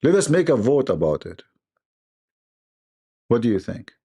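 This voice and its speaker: A man's voice: medium pitch, very animated, measured pace, dark tone, breathy edge. A man hosting a livestream, giving mocking commentary in a sarcastic manner, laughing often and mimicking voices. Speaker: livestream host.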